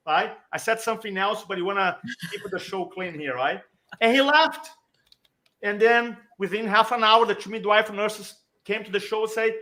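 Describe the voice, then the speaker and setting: A middle-aged man with a high, bright voice tells a personal story as a podcast guest. He talks with energy and emphasis and acts out the people he quotes. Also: moderate pace. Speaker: podcast guest, speaking coach. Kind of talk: animated storytelling.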